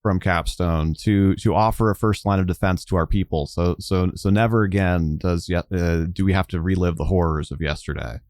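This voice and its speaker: Man playing a lady ruler making a formal speech, low-ish, dry. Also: fairly even intonation, normal speed, few pauses, a little mellow, dry recording. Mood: solemn. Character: stately noblewoman ruler giving a public speech.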